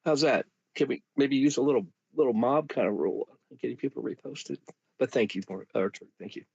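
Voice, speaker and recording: An older man with a gravelly, husky voice, talking in a gentle, fatherly way on a live audio chat. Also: medium pitch, fairly quick, dry recording. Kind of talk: casual chat. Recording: dull lo-fi audio.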